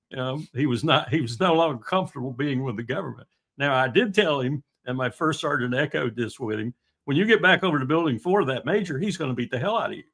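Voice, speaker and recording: A man in his sixties telling stories in a halting, anecdotal way during a casual discussion. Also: on the high side, fairly bright tone. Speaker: guest commentator.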